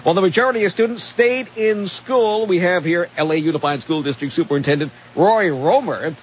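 A man co-hosting a talk radio show, reading news items with quick, dry delivery and wry asides. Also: high-pitched, dull audio, slight background noise.

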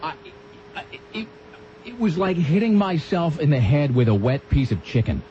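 A man's voice: fairly high pitch, normal speed. A man hosting a radio talk show, rambling and sarcastic with vivid comic asides. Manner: rambling, sarcastic, animated impressions. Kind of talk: casual radio banter. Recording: dull radio broadcast with faint hiss.

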